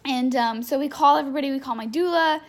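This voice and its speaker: A woman's voice: high-pitched, fast talker. A young adult woman telling a candid personal story in a chatty, unfiltered way, full of fillers. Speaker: vlogger.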